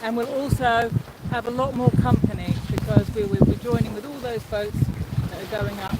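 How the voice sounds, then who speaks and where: A woman's voice: fairly high pitch, expressive, moderate pace. A woman co-hosting a live stream from a sailboat, reading out comments in a chatty, teasing way. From New Zealand. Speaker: co-host reading viewer comments. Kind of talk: casual live-stream chat. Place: on a sailboat at sea, outdoors. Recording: wind and water noise on deck.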